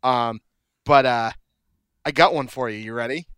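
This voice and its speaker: A man's voice: medium pitch, moderate pace, a bit bright, clear, resonant tone. A middle-aged man co-hosting a podcast in casual chat, cracking dad jokes and laughing at them. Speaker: podcast co-host.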